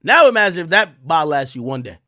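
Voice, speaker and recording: A young man hosts a sarcastic commentary rant. His voice sits high and bright and leaps all over the place, from loud mocking outbursts to low asides. The sound is dry and close, with no room echo. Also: sing-song, fast talker. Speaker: commentary show host.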